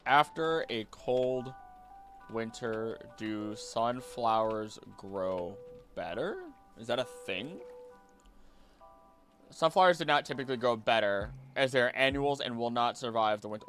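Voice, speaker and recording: A young man chatting casually on a stream, rambling and excitable, jumping between topics and often restarting his sentences. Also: mid-range voice, measured pace, soft background music. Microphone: desk mic.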